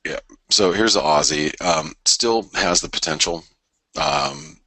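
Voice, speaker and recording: A man's voice: a bass voice, unhurried, sharp tone, no echo. A middle-aged man hosting a live trading show, talking casually and rambling with many stammered restarts as he thinks aloud. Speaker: forex trading show host. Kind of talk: casual live market commentary.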